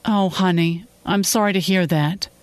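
A narrator voicing a gentle, lonely middle-aged father who speaks softly and affectionately, a little hesitant. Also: medium pitch, fairly even intonation, normal speed, dry recording, natural voice. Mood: tender. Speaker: character in a read story.

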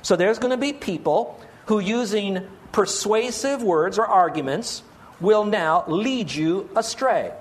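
Man, pastor, sermon, earnest and pleading, high voice. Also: expressive, measured pace. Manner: earnest, pleading, asks many rhetorical questions.

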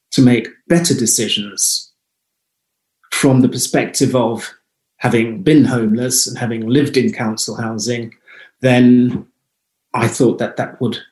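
Man, interview guest, reflective storyteller, mid pitch, roomy echo. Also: darkish tone. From United Kingdom. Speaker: guest, holistic health clinic founder.

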